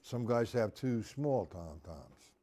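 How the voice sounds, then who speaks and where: A man teaching drums on a live stream, talking through exercises in a slow, chatty way, greeting viewers by name and scatting rhythms aloud. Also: on the low side, animated, warm tone. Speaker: drum teacher. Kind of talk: live-streamed drum lesson.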